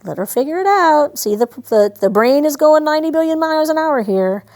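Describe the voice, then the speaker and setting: A woman's voice: sits high, lively intonation, a little fast, a little mellow. A woman training a service dog in a hands-on demonstration, explaining each step in a chatty, practical way and breaking off to give the dog short commands. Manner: talks to veterans directly.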